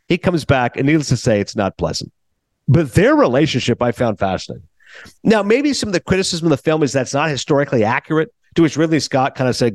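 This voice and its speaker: A man's voice: fairly high pitch, fast talker, no room sound. A man hosting a film review show, talking casually and acting out scenes in quoted voices. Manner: animated, jokey, acts out scenes in quoted voices. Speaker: film critic podcast host.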